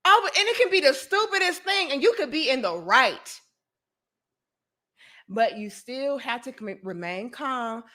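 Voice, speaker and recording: A woman vlogger tells a story to her viewers in a casual, animated way, swearing freely. Her voice sits high and comes across bright and forceful, and she keeps speaking straight to the audience. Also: a little slow. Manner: animated, profane, addresses viewers directly.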